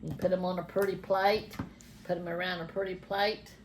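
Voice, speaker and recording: A woman's voice: fairly low pitch, flat delivery, moderate pace, slight background noise. An older woman, a grandmother, chatting homespun through a cooking demonstration in a home kitchen. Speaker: grandmother showing a recipe.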